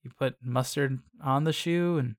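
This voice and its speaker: A man co-hosting a podcast, chatting in an animated, playful way with lots of "like" fillers. His voice sits at a middling pitch. The sound is dry and close, with no room echo. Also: unhurried. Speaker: podcast co-host. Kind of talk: casual chat.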